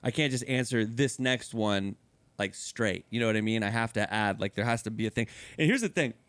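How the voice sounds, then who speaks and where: A man's voice: fairly low pitch, brisk, a bit bright, no room sound. A man hosting a podcast in casual chat, blunt and rambling, swearing freely. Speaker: podcast host.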